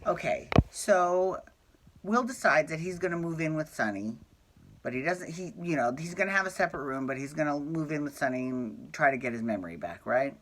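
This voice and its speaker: Man, recap host, casual and gushing, lots of quick asides and sheepish apologies. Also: fairly high pitch, animated, fairly bright tone, slight background noise. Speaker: soap opera recap host. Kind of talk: casual chat.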